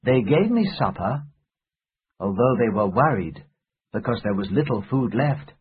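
Slow husky man reading a story. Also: medium pitch, sing-song. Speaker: narrator. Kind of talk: scripted storybook narration. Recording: tinny phone-like recording.

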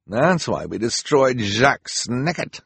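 A man voicing a scheming, villainous woman who snarls her lines slowly and with menace. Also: medium pitch, sing-song, gravelly, a bit bright, breathy edge, dry recording, voice pushed up, heavily acted. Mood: menacing.

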